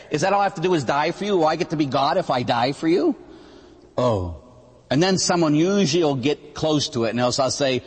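A middle-aged man who is a Catholic priest, preaching a sermon in an animated way and mimicking voices and sound effects. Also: a little high, fast, husky. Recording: long echo from a large hall.

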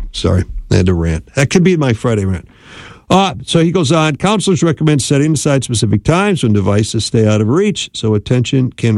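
A man's voice: mid-range voice, darkish tone, no echo, clean studio sound. A middle-aged man hosting a casual radio show, a marriage counselor who rambles in a folksy way and repeats words for emphasis. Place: radio studio.

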